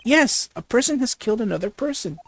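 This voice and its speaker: A woman's voice: on the high side, animated, pitched above the performer's own voice. Woman reading as an earnest young lawyer. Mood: dry. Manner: plain halting reading with occasional stutters. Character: young male defense attorney, earnest.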